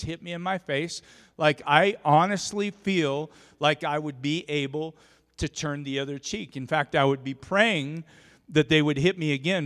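A man preaching a sermon as a pastor, telling a story with lively swings from quiet asides to shouting. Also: a little high. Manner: animated, shouts in storytelling peaks. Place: church sanctuary. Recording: long church reverb.

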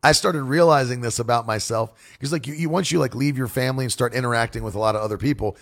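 A man who preaches and broadcasts, talking casually to his audience in a forceful, demonstrative, animated way. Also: mid-range voice, quick pace. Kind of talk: casual monologue.

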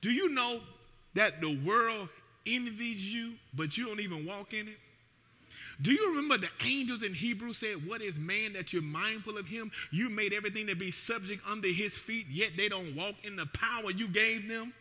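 A pastor preaching a sermon in an animated way, his voice swelling and dropping. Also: high-pitched, moderate pace. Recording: long reverb of a church hall.

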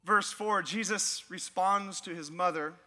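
A man preaching a sermon as pastor, animated and playful, with frequent laughs and asides. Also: high voice, unhurried. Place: church.

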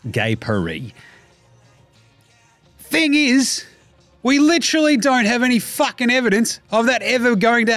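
A man's voice: a little high, no echo. A young Australian man hosting a podcast, ranting in a casual, mocking way and swearing a lot. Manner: animated, mocking, swears a lot, acts out voices. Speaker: podcast host.

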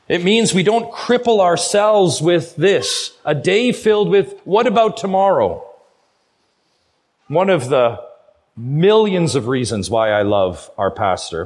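A middle-aged man preaching a sermon with a slightly raised pitch. He is earnest and urging as a guest pastor, and he drags out the key phrases for weight. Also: slightly rough. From Canada.

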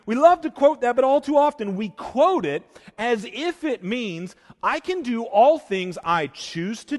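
Pastor, male, sermon in a big church: high animated voice, slow deliberate delivery, long hall reverb. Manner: swings from loud emphatic peaks to hushed intensity.

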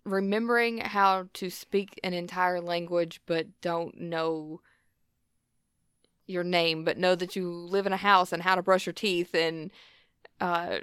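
A woman's voice: on the low side, little pitch movement, unhurried, fairly bright tone, smooth, dry recording, clean studio sound. A woman co-hosting a podcast, chatting casually with blunt, skeptical remarks. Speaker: podcast co-host. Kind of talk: casual conversation.

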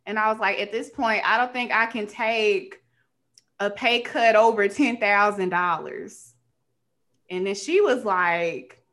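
A woman's voice: mid-range voice, unhurried. A young adult woman hosting a casual podcast, telling a story as a rant in colloquial speech and acting out the dialogue. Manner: animated, colloquial, acts out dialogue. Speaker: podcast host.

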